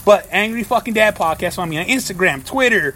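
Podcast host, male, high-pitched, profane ranter, faint room noise. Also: animated, brisk, pushed and bright. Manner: profane, ranting, heavy swearing. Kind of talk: casual podcast rant.

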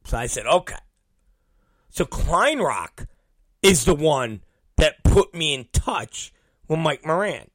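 A man telling a profane story, acting out both sides of old conversations and mimicking others in low, mumbling voices. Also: sing-song, takes it slowly, long pauses, no room sound, clean studio sound. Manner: acts out both sides of conversations, swears constantly.

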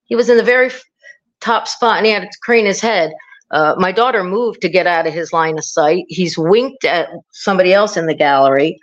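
A middle-aged woman, a podcast guest, telling a story in a rambling casual way, with many restarts and animated quotes. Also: lowish voice, brisk, dull audio.

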